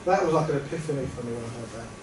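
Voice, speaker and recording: A man giving a reflective workshop talk to a group, earnest and halting, often trailing off softly. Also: mid-range voice. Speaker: workshop presenter. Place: meeting room. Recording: echoey room from far off, noisy.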